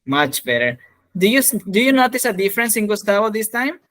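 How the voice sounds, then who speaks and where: A man's voice: high voice, fairly quick. Encouraging man teaching English online. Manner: encouraging, animated, laughs often. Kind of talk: online speaking class.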